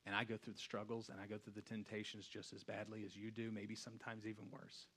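Animated man preaching a casual sermon. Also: lowish voice, quick pace, breathy edge. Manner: conversational and animated, swings from hushed to loud. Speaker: pastor.

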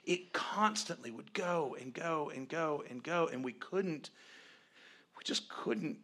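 A man co-hosting, candidly telling a story about his marriage in an animated way. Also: fairly high pitch, takes it slowly. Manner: animated, grows loud acting out past arguments. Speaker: co-host, husband telling the story.

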